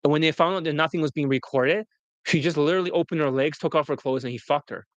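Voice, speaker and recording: A man with a somewhat high voice tells crude dating stories in a blunt, rambling way. He swears often and restarts his sentences. The sound is dry and close, with no room echo. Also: fast talker, lo-fi sound. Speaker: dating coach. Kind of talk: casual storytelling to an interviewer.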